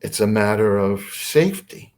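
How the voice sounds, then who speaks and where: A man doing a calm, stern gray alien. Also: fairly low pitch, lightly acted. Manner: measured, explaining like a warning.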